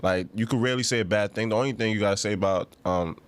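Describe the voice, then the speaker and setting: A fast-talking man with a fairly low pitch and a New York accent co-hosts a podcast. The conversation is casual banter, delivered in a relaxed, slangy style with frequent laughter.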